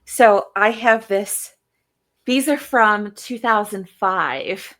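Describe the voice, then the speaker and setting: Woman, 30s, from michigan, podcast co-host, slow deliberate storytelling. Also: mid-range voice, fairly bright tone. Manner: unhurried storyteller, reads old notes aloud. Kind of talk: casual chat.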